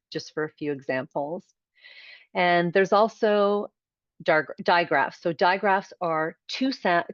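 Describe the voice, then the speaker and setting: Low-voiced teacher demonstrating speech sounds. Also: female voice, no room sound, highs cut off. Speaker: kindergarten teacher presenting a workshop. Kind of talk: online workshop presentation. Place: video call.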